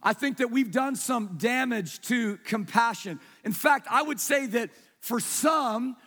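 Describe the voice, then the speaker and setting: Male pastor, high husky voice, chatty sermon style with questions to the room and hushed emphasis. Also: measured pace. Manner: conversational preaching, asks the congregation questions, drops soft for emphasis. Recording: long reverb of a large hall.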